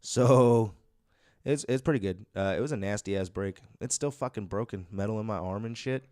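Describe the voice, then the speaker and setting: Laid-back, low-voiced man cursing casually. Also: a little mellow, dry recording, studio quality. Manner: laid-back, profane, slow and drawn-out. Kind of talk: casual chat.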